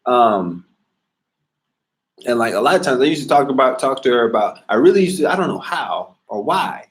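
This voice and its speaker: A man in a casual monologue, talking in a slangy, profane, animated way. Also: medium pitch, normal speed.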